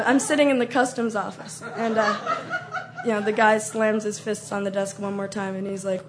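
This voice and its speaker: A woman telling a comic story, acting out scenes with loud shrieks and mock voices. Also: mid-range voice, noisy background.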